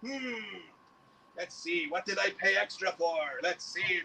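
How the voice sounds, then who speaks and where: A man talking as a guest on a casual podcast, animated and goofy, breaking into silly voices and mock outbursts. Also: high voice, measured pace, gravelly, a crowd in the background, rough recording.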